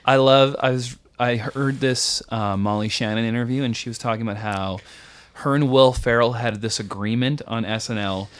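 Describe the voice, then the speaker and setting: A man's voice: mid-range voice, moderate pace, clean tone. A man hosting a comedy podcast, telling stories in casual chat and laughing often. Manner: animated storyteller, laughs often. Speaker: podcast host.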